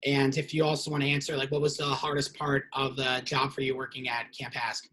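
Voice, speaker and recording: A young man hosting a casual interview, who tells animated stories and acts out the quotes in them. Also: mid-range voice, brisk, poor audio. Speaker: podcast host.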